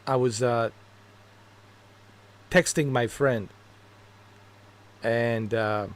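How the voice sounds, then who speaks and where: A man's voice: mid-range voice, fairly even intonation, extremely slow. A man streaming games, telling rambling stories in casual chat, laughing at his own jokes and cursing freely. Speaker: gaming streamer.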